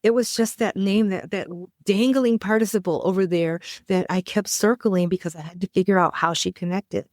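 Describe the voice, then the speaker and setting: A woman's voice: mid-range voice, steady tone, normal speed, hardly any pauses, a little mellow, no echo, clean studio sound. A middle-aged woman, a podcast guest, earnestly recounting a personal story with emphatic, vivid detail.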